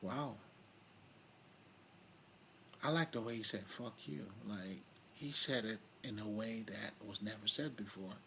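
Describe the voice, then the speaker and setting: A man's voice: on the low side, a little fast, pushed and bright, a little hiss or hum. A man with a Haitian accent hosting a casual spiritual monologue, blunt, streetwise and heavy on swearing. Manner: blunt, profane, streetwise and emphatic. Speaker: spiritual video host.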